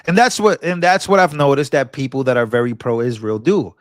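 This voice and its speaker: A man hosts a political commentary vlog, talking in an impassioned yet casual way, restarting and repeating words and breaking into sermon-like rebukes. His mid-range voice moves a little fast with hardly any pauses, in clean studio sound with no room noise.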